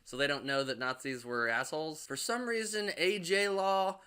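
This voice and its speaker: A man's voice: on the high side, fairly even intonation, normal speed, bright, forceful tone, smooth. A man giving a casual, sarcastic, rambling recap of a movie, full of fillers like "like" and "or whatever". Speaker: movie reviewer.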